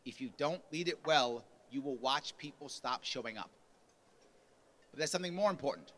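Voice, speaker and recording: At a party convention's lunch hall, a man delivers a punchy motivational speech, acting out quotes as his volume rises. His mid-range voice is animated and sharp in tone, at a moderate pace. There's a little hiss or hum in the recording.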